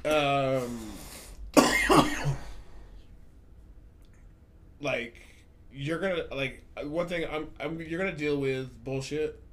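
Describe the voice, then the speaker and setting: A podcast host in Hollywood tells work stories in casual chat, ranting animatedly and swearing freely. His voice is fairly high and extremely slow, with long pauses and slight background noise.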